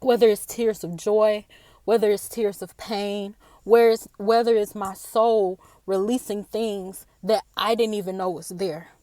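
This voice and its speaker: A woman giving a personal devotional talk, earnest and halting, often repeating her words, tearful after a day of crying. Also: mid-range voice, steady tone, warm tone, dry recording. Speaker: faith speaker.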